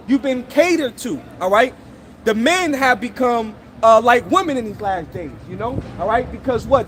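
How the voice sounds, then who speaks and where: A man's voice: very high-pitched, a little hiss or hum. A man street preaching outdoors in a scolding, confrontational way, tagging almost every phrase with "all right?" or "okay?". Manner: scolding, accusing listeners directly.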